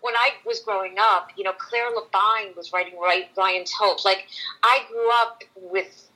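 A woman's voice: medium pitch, fairly even intonation, measured pace, bright, forceful tone, low-quality recording. A woman who works in voiceover, chatting eagerly as a podcast guest, full of "like" and "you know". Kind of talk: casual conversation.

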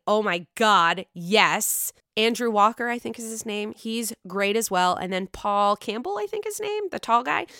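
A woman with a Pittsburgh accent gushes and swears her way through a casual podcast chat. She is sick, so her voice sits lower than normal, yet it stays bright and smooth. The recording is close and dry. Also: no echo. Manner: excitable, profane, chatty. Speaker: podcast host.

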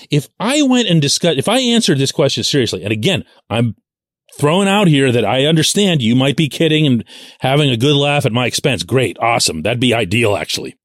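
A man hosting a solo sports podcast, talking in an incredulous, animated way and acting out mock fan voices. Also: high voice, no room sound, studio quality.

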